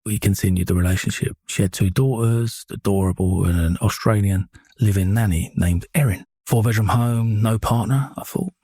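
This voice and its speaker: A man's voice: lowish voice, normal speed, warm tone, husky, no echo, clean studio sound. A man telling his own story off the cuff, blunt and profane, often stopping to correct himself. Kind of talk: unscripted storytelling monologue.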